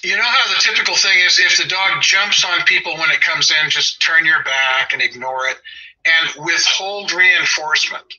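A man's voice: fairly high pitch, normal speed, bright, forceful tone, husky. A man in his sixties with a Southern Californian accent, a dog trainer talking in a casual chat, opinionated and wry, drifting into side stories. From Los Angeles. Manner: opinionated, wry, digressive storyteller. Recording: dull lo-fi audio.

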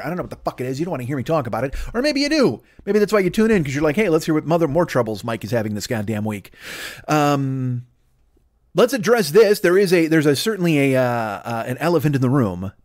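A man's voice: a little high, no room sound, clean studio sound. A man in his forties hosting a comedy podcast, riffing in a rambling, profane monologue that loops back on its own bits. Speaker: podcast host.

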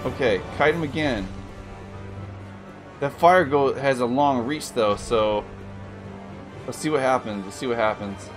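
A man streaming a game live, commenting casually and breaking into yells, groans and jokes as he plays. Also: mid-range voice, a little slow, long pauses, over music.

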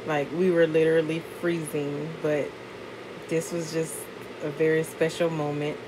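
A woman's voice: deep voice, little pitch movement, unhurried, noisy background. A woman vlogger chatting casually with lots of fillers, narrating a gift unboxing. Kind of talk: casual vlog and voiceover narration.

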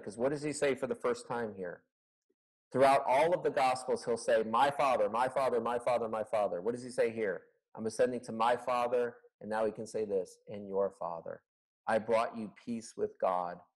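A man's voice: on the low side, darkish tone, rough recording. A man teaching a Bible study as a pastor, earnest and conversational, asking his listeners rhetorical questions, recorded over an online video call.

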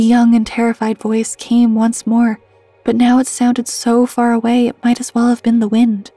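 A woman reading a scripted horror story in a hushed voice that keeps slipping into whispers. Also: on the high side, completely flat delivery, moderate pace, dry recording. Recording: dry close mic with soft music underneath.

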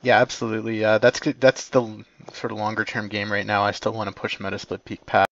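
A man's voice: lowish voice, level tone, fast, creaky, fairly bright tone. Man giving game orders over dull chat. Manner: hesitant, many ums and uhs. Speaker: commander.

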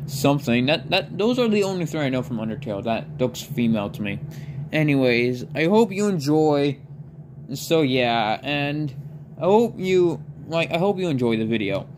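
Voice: medium pitch, sing-song, moderate pace, darkish tone, slight background noise. A fan storyteller improvising a story in a rambling way, full of fillers and self-corrections.

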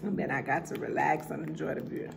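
A woman with a New York accent, telling animated family stories in a casual storytime vlog. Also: low voice, fast, creaky, noisy background. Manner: animated storyteller acting out voices.

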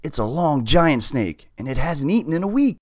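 A man voicing a fearful young male cat in a storybook, excitable and quick to imagine danger. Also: on the high side, no room sound, studio quality, pitched above the performer's own voice.

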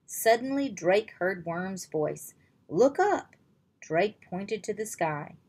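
Slow, breathy woman reading a storybook. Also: mid-range voice, lively intonation, darkish tone. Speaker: reader. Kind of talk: reading a children's chapter book aloud.

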